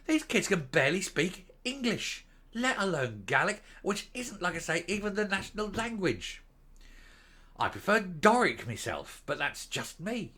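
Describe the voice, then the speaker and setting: A commentary vlog host rants his opinions to camera, scornful and indignant, wandering into tangents before getting back to his point. His high-pitched voice swings widely and runs a little slow, with a sharp tone and a breathy edge.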